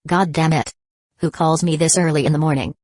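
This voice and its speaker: A woman voicing an angry, rough male pirate emperor who curses and threatens, from an audiobook. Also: low-pitched, fairly even intonation, fairly quick, a little mellow, no room sound, clean studio sound. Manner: cursing, threatening.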